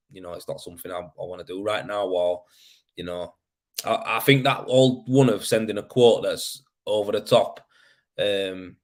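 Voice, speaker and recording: A man hosting a casual live show, talking loosely and swearing. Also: lowish voice. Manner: swearing, mate-heavy and chatty. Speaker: podcast host. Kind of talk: casual live-stream chat.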